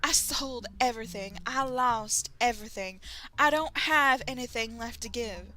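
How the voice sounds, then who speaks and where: A woman's voice: fairly high pitch, a little slow. A woman reading as a desperate squirrel woman with a put-on Texan accent. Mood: pleading. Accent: attempted Texan. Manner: pleading, quiet.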